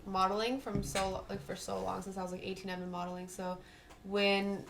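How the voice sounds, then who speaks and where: A woman's voice: medium pitch, little pitch movement, a bit bright, roomy sound, a little hiss or hum. A young woman from Kitchener in Canada, a guest on a podcast, telling stories in casual chat with lots of fillers. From Kitchener, Ontario, Canada. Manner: fast storytelling with many likes. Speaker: guest, model.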